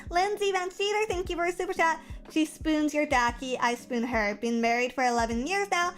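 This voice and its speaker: A young woman streamer chats casually and playfully, full of silly vocal play. Her voice sits high and slightly bright, brisk and animated, with faint music in the background.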